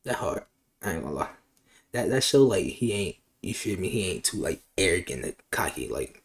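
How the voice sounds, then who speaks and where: A man talking casually and haltingly, often saying "you feel me". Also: low-pitched, sing-song, husky. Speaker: interviewee. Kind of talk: casual chat.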